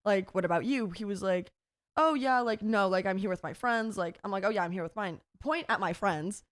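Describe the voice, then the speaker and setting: Young woman on a podcast, chatty and playful, acting out quotes, dry close mic, middle pitch. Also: brisk, no echo. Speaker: podcast co-host. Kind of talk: casual storytelling chat.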